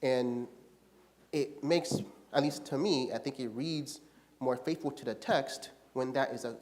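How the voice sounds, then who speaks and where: Man as a Bible study leader, relaxed teaching tone, keeps asking the group "right?". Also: medium pitch, unhurried. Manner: casual, often checks in with "right?".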